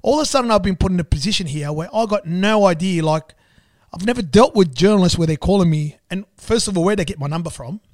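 An Australian man, a business owner, telling a story in an animated, repetitive way and acting out the dialogue. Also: high voice, fast talker, dry recording, studio quality. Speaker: business owner and club sponsor. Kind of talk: storytelling in conversation.

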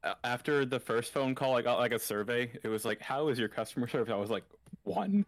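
A man's voice: medium pitch, quick pace, dry recording. A man co-hosting a podcast, telling a story in casual chat and acting out the dialogue as he goes. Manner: animated storyteller, acts out quoted dialogue. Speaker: podcast co-host.

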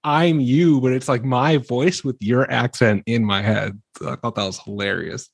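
A man's voice: mid-range voice, fairly even intonation, moderate pace, vocal fry, slightly rough, no room sound. A man from Wisconsin talks with a strong Midwestern accent and its hard R's. He co-hosts a podcast and chats casually, teasing and laughing often. The sound is dry and close, with no room around it. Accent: Wisconsin (Midwestern American). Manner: joking, laughs often, jumps into voices. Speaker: podcast co-host. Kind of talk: casual chat.

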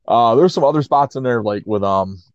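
A man's voice: medium pitch, no echo. A man co-hosting a casual podcast, recapping wrestling in a laid-back way, laughing often and saying "like" a lot. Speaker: podcast co-host. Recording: muffled lo-fi audio.

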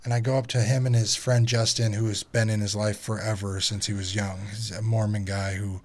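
A man's voice: fairly low pitch, little pitch movement, fairly quick. A man co-hosting a podcast, talking casually and with feeling about his brothers and family, swearing often. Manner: profane, heartfelt storytelling about family. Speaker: podcast co-host. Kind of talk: casual chat.

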